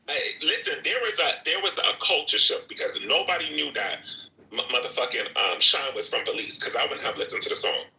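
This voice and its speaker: A man's voice: a little high, big pitch swings, brisk, pushed and bright, roomy sound, rough recording. A man hosting a live audio chat room, ranting in a profane, repetitive way. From Jamaica. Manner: profane, repetitive, talks over himself. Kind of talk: animated rant.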